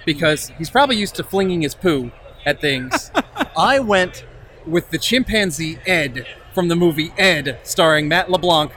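A man's voice: a little high, animated, unhurried, sharp tone, a little hiss or hum. A man co-hosting a podcast live at a comic convention, chatting casually, joking, laughing and swearing. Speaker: podcast co-host. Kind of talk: casual chat, reviewing and drafting.

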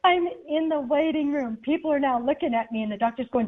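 A woman's voice: high voice, fast, hardly any pauses. A woman, a guest author, telling a personal story in an interview and acting out the people in it. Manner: animated, acts out the people in her story. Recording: tinny phone-like line.

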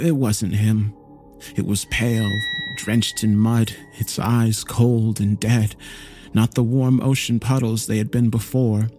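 A man narrating a horror story in a slow, grave storytelling manner. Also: medium pitch, dark tone.

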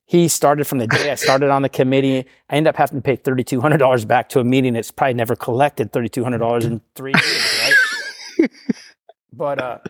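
A man's voice: mid-range voice, steady tone, fairly quick, dry recording. A middle-aged man, a podcast guest, telling his recovery story casually, often tagging "right?" and laughing at himself.

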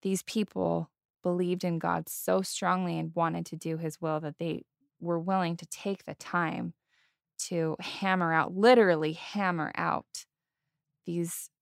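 A woman co-hosting a faith podcast speaks earnestly, holding back tears as she shares. Her voice sits low with a gravelly fry. The recording is dry and close. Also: no room sound. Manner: earnest, emotional, heartfelt. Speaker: podcast co-host. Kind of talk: casual testimony chat.

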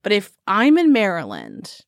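A woman's voice: mid-range voice, wildly swooping pitch, moderate pace, creaky, dry recording. Woman podcast co-host, laughs a lot, playful riffing, dry sound. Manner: giggly, playful, rambling. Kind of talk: casual chat.

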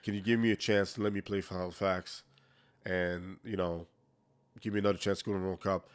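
A man's voice: low voice, flat delivery, a little fast, clear, resonant tone. Man telling candid hockey stories. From Quebec, Canada. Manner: candid, frequent restarts, acts out quoted exchanges. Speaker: former hockey player, guest. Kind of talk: casual interview storytelling.

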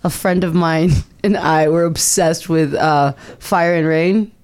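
A woman's voice: deep voice, steady tone, slow, a little mellow, smooth. A woman in casual podcast chat, telling a self-mocking story and laughing along.

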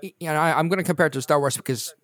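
A man's voice: fairly high pitch, very fast. Man, film podcast co-host, blunt wry casual talk. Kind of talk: casual movie review chat.

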